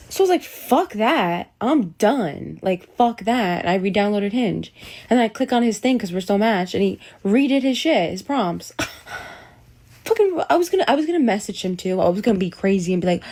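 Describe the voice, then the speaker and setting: A woman's voice: medium pitch, lively intonation, moderate pace, darkish tone. A young woman venting casually to camera about dating, swearing a lot and mocking men in exaggerated impressions.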